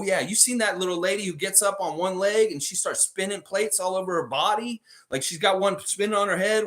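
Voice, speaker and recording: A man hosting a fan show, telling stories and chatting with viewers in a casual, profane way. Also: on the high side. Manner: animated, profane storytelling. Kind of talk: casual livestream chat with viewers.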